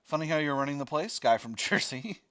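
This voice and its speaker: A man with a slightly high voice reads a text adventure game aloud, narrating each scene in turn. He drifts into loose, rambling asides and corrects himself as he goes. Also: expressive, fairly quick, sharp tone.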